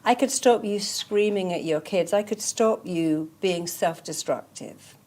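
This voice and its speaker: Unhurried and darkish in tone, this woman's fairly low voice belongs to a therapist giving a motivational interview. She's emphatic and repetitive, telling stories and returning to affirmations.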